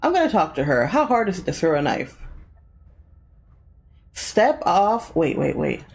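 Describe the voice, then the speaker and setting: Lively, sarcastic woman playing a game. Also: fairly low pitch, measured pace, gravelly. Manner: sarcastic, playful. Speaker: game streamer. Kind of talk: casual let's-play commentary.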